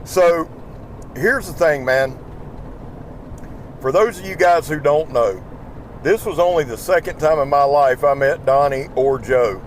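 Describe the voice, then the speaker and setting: A man's voice: on the high side, unhurried, long pauses, a little hiss or hum. Tired Southern man rambling while driving. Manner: rambling, folksy, swears freely. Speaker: YouTube knife channel host. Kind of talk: casual driving vlog chat. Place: inside a pickup truck while driving. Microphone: small microphone in the truck.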